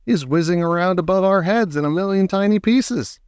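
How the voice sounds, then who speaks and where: A man voicing a blunt, exasperated father in an audiobook, with a sharp delivery. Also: sits high, brisk, smooth, no room sound, clean studio sound, pitched above the performer's own voice, lightly acted. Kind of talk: audiobook character voice.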